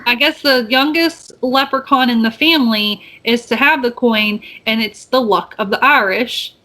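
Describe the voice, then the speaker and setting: A woman co-hosts a podcast and recaps a movie in loose, rambling chat. Her voice sits a little high, and she keeps stacking up fillers and restarts. When she quotes the characters, her pitch jumps up to act out their lines. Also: normal speed, bright, forceful tone. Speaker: podcast co-host.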